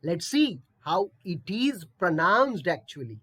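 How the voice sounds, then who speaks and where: A woman teaching English pronunciation, speaking slowly and with a lot of melody. She repeats every word patiently and keeps checking in with her learners. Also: fairly low pitch, big pitch swings, fairly bright tone, breathy edge. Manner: patient, repetitive, checks in with "okay?". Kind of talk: online pronunciation lesson.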